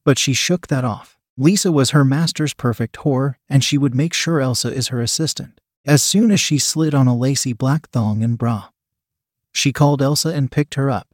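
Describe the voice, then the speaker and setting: A male narrator reading an audiobook in a steady, even way. His voice sits at a middle pitch and is recorded dry and close, with no room sound. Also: no room sound. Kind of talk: audiobook reading of an adult story.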